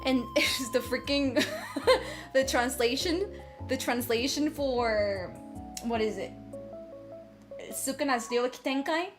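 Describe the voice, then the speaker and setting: A woman streamer chats casually on a livestream while cooking, speaking slowly in a high-pitched voice with frequent pauses. She giggles often, gushes, and swears freely, with music in the background.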